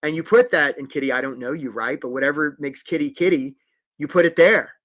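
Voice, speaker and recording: A man's voice: fairly high pitch, a little fast, fairly bright tone. A man coaching job seekers in a live webinar, upbeat and encouraging, calling out viewers by name.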